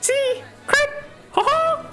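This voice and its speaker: A man voicing a hyperactive, teasing young girl in a shrill falsetto for a game playthrough. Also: steady tone, slow, pushed and bright, faint music behind, full character voice. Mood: mocking. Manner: gleeful, mocking.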